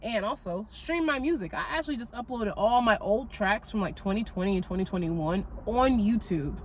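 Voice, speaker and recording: A woman's voice: medium pitch, lively intonation, normal speed, a little mellow, a little hiss or hum. A young woman hosting a solo podcast, chatty and swearing freely, often laughing. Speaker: podcast host. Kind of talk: casual solo podcast monologue.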